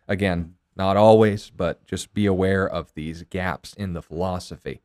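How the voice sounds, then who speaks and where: A man answering a viewer's Bible question in a measured, explanatory way on a talk show. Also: deep voice, fairly even intonation, a little mellow, no room sound, studio quality.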